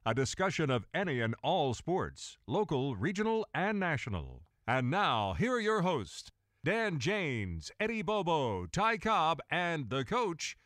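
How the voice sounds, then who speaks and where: A man voicing a drawn-out announcer introducing a local sports talk show. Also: a little high, sing-song, fairly bright tone, no echo, studio quality. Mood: announcing.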